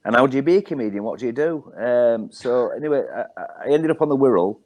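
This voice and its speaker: Middle-aged Hull comedian telling stories. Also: male voice, medium pitch, expressive, quick pace, a little mellow. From Hull, England. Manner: rambling anecdotes, wry, with many ums. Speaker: guest comedian. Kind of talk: casual storytelling.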